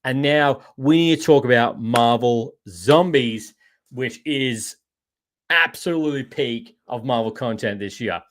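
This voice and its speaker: An Australian podcast host with a mid-range, fairly bright voice talks in an unhurried way. During his live show he rambles chattily about shows and games and replies to viewer comments, with "mate" coming up a lot.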